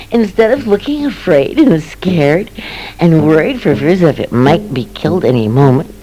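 Low-voiced, animated woman storyteller. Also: rough recording. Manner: animated, dramatic, with whispered asides. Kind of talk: expressive told folk tale.

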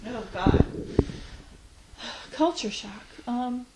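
A woman in her forties, reflecting on her life in an interview, pausing often with fillers. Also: a little high, lively intonation, darkish tone, slight background noise, low-quality recording. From United States. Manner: reflective, hesitant with frequent fillers. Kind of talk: oral history interview.

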